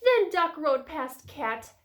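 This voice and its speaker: A preschool teacher reading a picture book aloud to little children. Her voice is high and very lively in pitch, and she takes her time, speaking very slowly and clearly. She keeps a gentle, sing-song storytelling tone throughout.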